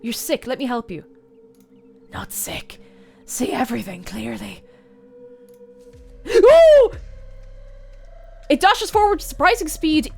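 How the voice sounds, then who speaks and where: A young woman streamer reading a story game's narration aloud in an expressive, animated way. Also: high voice.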